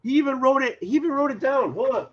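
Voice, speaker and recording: Male, Boston accent, animated chatter, muffled lo-fi audio. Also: very high-pitched, fast. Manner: animated, insistent, repeats himself. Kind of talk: casual chat.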